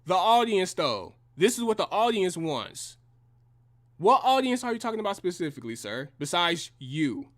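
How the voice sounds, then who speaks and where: A man's voice: sits high, very animated, moderate pace, a bit bright. A young man delivering a heated, profane and combative reaction rant in slangy language. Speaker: reaction commentator.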